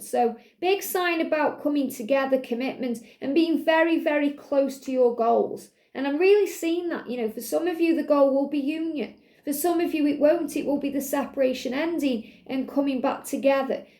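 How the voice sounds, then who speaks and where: This tarot reader's voice is high-pitched and mellow, captured with a roomy sound. She takes viewers through a guided card reading, soothing and repetitive, speaking straight to the listener.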